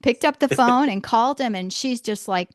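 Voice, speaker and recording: A woman hosting a podcast interview, telling lively stories and acting out quotes with frequent laughter. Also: on the high side, normal speed, dry recording, studio quality. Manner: animated storyteller, acts out quotes, laughs often. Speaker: podcast host. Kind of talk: casual interview chat. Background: homeschool mom.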